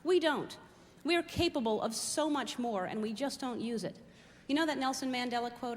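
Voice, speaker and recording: A woman's voice: high-pitched, normal speed, hardly any pauses. A middle-aged woman performing a stand-up comedy routine, rambling and poking fun at herself as she tells everyday stories on a theater stage. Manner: rambling, self-mocking, observational. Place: large theater stage before a live audience. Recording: reverberant hall, crowd and background noise.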